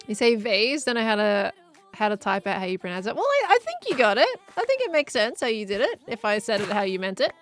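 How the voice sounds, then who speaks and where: A woman's voice: mid-range voice, animated, fast, faint music behind. A young woman chatting casually while streaming a game, musing aloud and laughing often. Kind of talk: casual live-stream chat while gaming.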